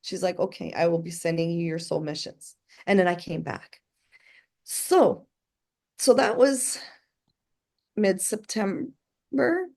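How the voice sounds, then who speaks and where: A woman's voice: lowish voice, animated, slow, pauses often, darkish tone. A middle-aged woman as an interview guest, telling her story earnestly and acting out the voices of people in it. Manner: earnest, quotes voices as she tells. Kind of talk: casual storytelling.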